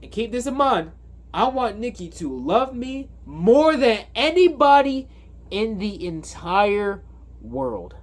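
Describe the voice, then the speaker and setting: Man voicing a pining young man, stammering and pleading, light raised pitch. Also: expressive, a little slow, a bit bright, full character voice.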